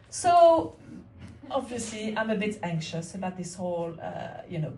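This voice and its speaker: A French woman in her forties performs stand-up on a comedy club stage, making wry, mock-innocent rhetorical asides as the audience laughs. Her voice is mid-range. The recording is very noisy, with an echoey room and a distant mic.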